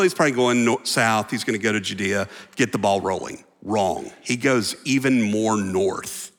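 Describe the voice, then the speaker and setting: A man preaching a sermon as pastor, animated, acting out voices and dropping at times to a near whisper. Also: medium pitch. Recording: long reverb of a large hall.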